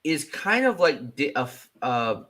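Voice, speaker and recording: A man's voice: fairly high pitch, sing-song, a little slow, a bit bright, poor audio. A man co-hosting a podcast, talking playfully and jokingly in casual conversation, with many fillers. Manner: playful and jokey, lots of "like". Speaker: podcast co-host. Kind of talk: casual fan discussion.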